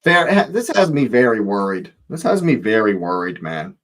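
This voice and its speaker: Excitable football fan, lively pitch. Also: male voice, normal speed, poor audio. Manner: excitable, swearing, exasperated outbursts. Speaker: football watch-along host. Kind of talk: live match reaction.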